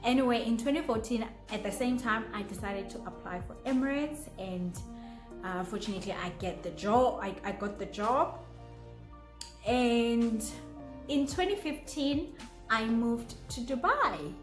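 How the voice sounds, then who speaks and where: A young South African woman vlogging to camera, bubbly and giggly, with sudden high exclamations. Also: expressive, measured pace, roomy sound, over music. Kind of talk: casual chat to camera.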